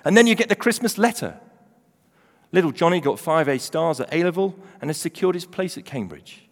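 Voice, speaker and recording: A middle-aged man preaching a sermon, animated, swinging from loud emphasis to hushed, quiet readings. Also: a little high, fairly quick. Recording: reverberant hall.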